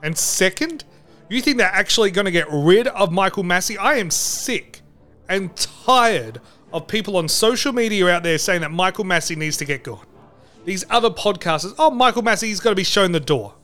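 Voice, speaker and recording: A man's voice: sits high, animated, moderate pace, bright, forceful tone, soft background music. A man hosting a comedy podcast, ranting crudely with mock outrage. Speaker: podcast host.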